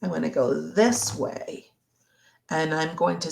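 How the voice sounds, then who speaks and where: Slow, gravelly-voiced woman therapist. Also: low-pitched, steady tone, a little mellow. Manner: slow, reflective, acts out partner's words. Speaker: relationship therapist. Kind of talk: live Q&A discussion.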